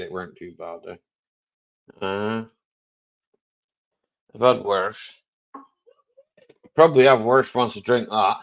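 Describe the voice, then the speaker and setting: Slow-talking man, jokey stream host. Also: on the low side, dull audio. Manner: jokey and rambling, chuckling often. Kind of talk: casual live chat.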